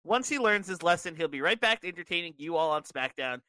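A man's voice: sits high, very animated, fast talker, sharp tone, dry recording, pitched above the performer's own voice, heavily acted. A man voicing a falsely cheerful children's-show host with a sinister edge, in a sing-song tone. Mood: chipper.

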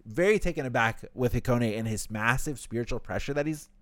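A man co-hosting a casual podcast, recapping a story with animated, swearing asides and quick character voices. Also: mid-range voice, no room sound. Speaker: podcast co-host.

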